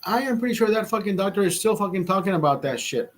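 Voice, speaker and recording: A man's voice: sits high, expressive, quick pace, low-quality recording. A young man telling a rambling, profane story in casual chat, with many restarts. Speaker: vlogger host.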